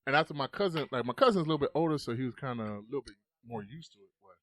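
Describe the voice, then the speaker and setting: Fast, animated man telling a story. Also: mid-range voice, no echo. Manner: animated, swears often, acts out voices. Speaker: podcast guest. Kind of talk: casual storytelling.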